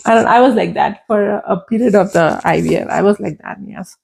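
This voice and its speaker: Gravelly, husky-voiced woman guest. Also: mid-range voice, brisk, hardly any pauses, darkish tone. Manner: candid and emotional, repeats phrases for emphasis. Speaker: podcast guest. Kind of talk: personal storytelling in conversation.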